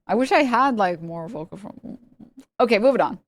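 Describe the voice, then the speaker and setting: A woman's voice: mid-range voice, expressive, fairly quick, no room sound. A woman streamer talking casually and rambling, with lots of fillers and frequent laughs. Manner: chatty and rambling, filler-heavy, laughs often. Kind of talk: casual live-stream chat.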